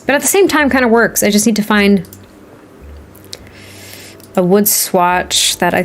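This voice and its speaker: This streamer's mid-range voice has lively intonation, but she speaks a little slowly and pauses often. As she builds in a game live, she chats, rambles, and laughs frequently, speaking to her chat viewers and reading what they write.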